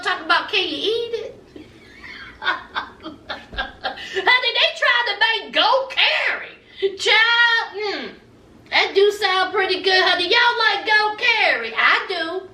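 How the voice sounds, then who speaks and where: A woman records a casual, sassy TV show recap from a distance in an echoey room, laughing and calling viewers "honey." Her very high-pitched voice is bright and forceful with lively intonation, and she takes her time.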